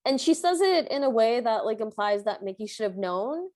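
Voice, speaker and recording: A woman with a slightly high voice recaps a film on a podcast. She talks casually, stringing her thoughts together with plenty of filler words. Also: lively intonation, normal speed, darkish tone. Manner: chatty, filler-heavy storytelling with frequent "like". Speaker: podcast co-host.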